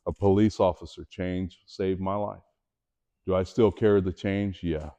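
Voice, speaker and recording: Man, middle-aged, lowish voice, earnest storytelling, school assembly talk. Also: steady tone, normal speed, mellow, clear, resonant tone, dull audio. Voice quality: earnest storytelling, acts out quotes. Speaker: motivational speaker.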